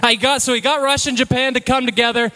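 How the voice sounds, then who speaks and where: A man giving an energetic, comedic slide presentation to a live audience, with punchy, playful delivery. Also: very high voice, fast talker. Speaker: presenter at a live talk night.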